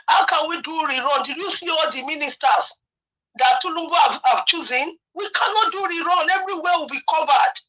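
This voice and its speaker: A woman calling in to a radio talk show, speaking passionately and at times shouting. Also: sits high, a little fast. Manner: impassioned, rising to shouting. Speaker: caller. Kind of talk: call-in radio comment. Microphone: phone. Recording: dull lo-fi phone line.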